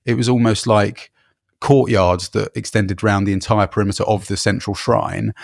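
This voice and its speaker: A man's voice: lowish voice, fairly even intonation, moderate pace, vocal fry, no echo, clean studio sound. A man, co-host of a travel podcast, telling rambling travel anecdotes in casual chat with fillers and laughs.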